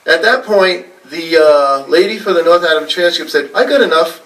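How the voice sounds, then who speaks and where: Speaking at a moderate pace in a slightly high, somewhat bright voice, a New England man tells stories to a library audience. He's relaxed and meandering, laughing often and leaning on fillers, and he's positioned a little far from the microphone.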